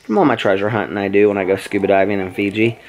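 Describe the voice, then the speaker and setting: A man's voice: fairly low pitch, steady tone, fast, a little mellow, voice pushed down, natural voice. Man doing a boastful carefree pet dog.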